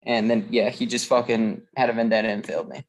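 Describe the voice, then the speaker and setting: On a podcast, a male co-host chats casually in an ordinary mid-range voice with little pitch movement. He talks quickly, telling stories in a loose, rambling, profane way full of fillers and restarts.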